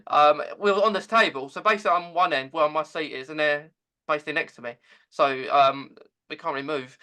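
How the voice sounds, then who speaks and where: Halting man, high bright voice. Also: clear, resonant tone. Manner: halting, with many stammered repeats. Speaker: podcast host. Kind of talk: casual conversation.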